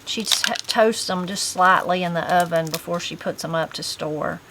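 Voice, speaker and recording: A woman's voice: fairly low pitch, normal speed, background noise. A middle-aged woman with an Appalachian accent, telling folksy, rambling stories in casual chat. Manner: rambling, folksy storytelling with fillers. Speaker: host.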